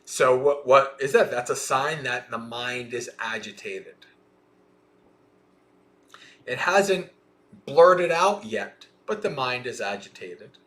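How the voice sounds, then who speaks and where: A man reading a Buddhist sutta aloud on a livestream and pausing to explain it in a thoughtful, questioning way. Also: medium pitch, animated, a bit bright. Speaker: Dhamma teacher.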